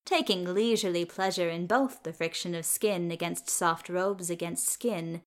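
A woman reading fiction aloud in a measured, unhurried storytelling manner. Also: lowish voice, a bit bright. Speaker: reader.

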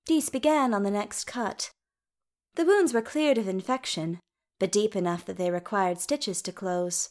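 A woman narrating a story in an unhurried, even manner. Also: mid-range voice. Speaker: reader. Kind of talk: storybook reading.

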